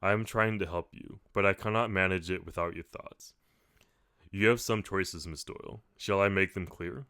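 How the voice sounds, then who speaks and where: A man voicing a kindly old male sailor who speaks softly and earnestly in an audiobook. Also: low voice, moderate pace, clean tone, dry recording, studio quality. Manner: soft-spoken, earnest pleading.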